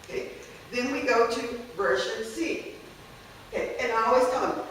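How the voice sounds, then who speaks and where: A woman's voice: a little high, moderate pace, fairly bright tone, slight background noise. A woman teacher giving a conversational workshop talk on classroom activities, often checking in with the audience. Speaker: language teacher presenting a workshop. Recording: echoey room, voice from a distance.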